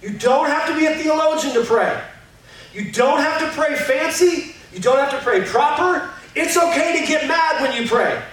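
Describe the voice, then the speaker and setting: A man's voice: very high-pitched, animated, moderate pace, fairly bright tone. A man preaching a casual, conversational sermon as a pastor in a church auditorium, candid and self-deprecating with lots of fillers. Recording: very echoey hall, voice from far off, faint noise.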